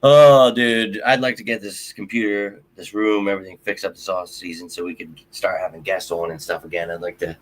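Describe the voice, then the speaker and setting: A man's voice: deep voice, flat delivery, brisk, few pauses, fairly bright tone. A man hosting a sports livestream, talking casually to his viewers, frustrated and ranting with some cursing. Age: adult with a child. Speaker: sports show host.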